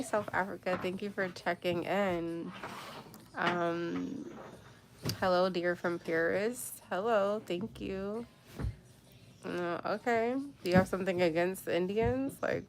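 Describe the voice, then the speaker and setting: A woman's voice: lowish voice, slight background noise. A woman from the United States hosting a casual livestream, chatting and greeting viewers by name, laughing often. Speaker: livestream host. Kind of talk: casual livestream chat reading comments.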